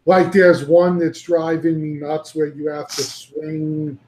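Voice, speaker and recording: A man's voice: fairly high pitch, flat delivery, takes it slowly, a little mellow, reverberant, poor audio. A man hosting a casual panel chat, rambling and swearing freely as he talks and laughs easily. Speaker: podcast host.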